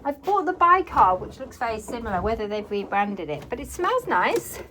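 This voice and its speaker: A woman from England chatting to viewers as she cleans her farmhouse, slightly out of breath and hoarse from talking. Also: a little high, sing-song, moderate pace, a bit bright, slight background noise. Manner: chatty, talks to viewers while working, trails off and restarts. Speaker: cleaning vlogger. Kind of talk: casual chat while cleaning. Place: farmhouse kitchen and utility room, indoors.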